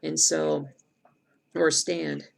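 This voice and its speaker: Middle-aged woman, streamer, heavy vocal fry, chatty and rambling, casual live-stream chat. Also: sits low, steady tone, takes it slowly. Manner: chatty, rambling, answers viewer comments aloud. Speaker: cross-stitch streamer.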